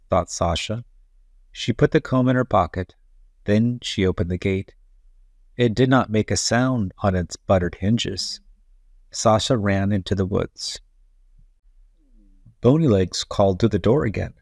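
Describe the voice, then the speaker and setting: A man reads a children's storybook aloud in a low, gentle voice, taking his time over every line. His voice sounds close and dry, with soft music beneath. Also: creaky, no room sound. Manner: slow, gentle, deliberate. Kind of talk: children's read-aloud narration.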